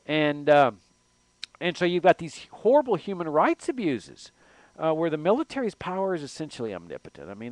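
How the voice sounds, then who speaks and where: A man's voice: a little high, smooth, no room sound. A man hosting a political commentary show, talking emphatically in a long monologue, often restarting phrases and asking rhetorical questions. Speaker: show host.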